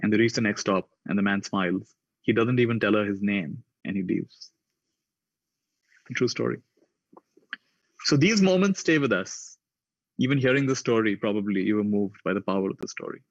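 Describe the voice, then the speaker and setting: A man speaking at a conference, telling reflective stories and raising his pitch to act out the people in them. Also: normal speed, long pauses, no room sound, highs cut off. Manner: acts out the voices in his stories with raised pitch. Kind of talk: reflective storytelling talk.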